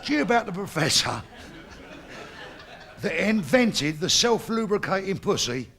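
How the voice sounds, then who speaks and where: A man's voice: sits high, very animated, moderate pace, fairly bright tone, some chatter behind. A Cockney man doing crude, boisterous stand-up, laughing at his own jokes. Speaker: stand-up comedian. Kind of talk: bawdy stand-up joke telling.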